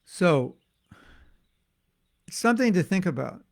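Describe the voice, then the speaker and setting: A man teaches a devotional class in a loose, conversational way, often doubling back and restarting his thoughts. His voice sits fairly high for a man and carries a steady gravelly fry. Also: measured pace. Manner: conversational and musing, with frequent restarts and asides. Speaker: spiritual teacher. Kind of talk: informal devotional class talk.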